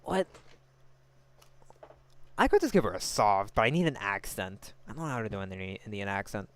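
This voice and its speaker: A let's-play gamer reading game dialogue aloud, with animated, chatty asides, over a noisy recording. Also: sits low, normal speed.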